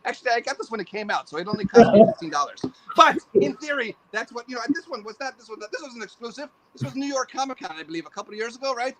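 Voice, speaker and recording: A man talking as a guest on a casual podcast, animated and goofy, breaking into silly voices and mock outbursts. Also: very high-pitched, very fast, hardly any pauses, a crowd in the background, low-quality recording.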